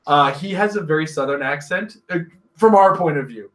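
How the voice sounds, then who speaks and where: A Canadian man from Northern Ontario co-hosting a podcast, chatting casually with animated joking rants and frequent laughter. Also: a little high, moderate pace. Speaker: podcast co-host. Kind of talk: casual chat.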